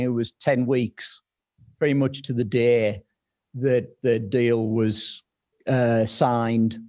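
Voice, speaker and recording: A man with a British accent, the guest and founder of a company, answering in a measured way with frequent pauses. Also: medium pitch, warm tone. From Britain. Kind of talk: casual interview talk.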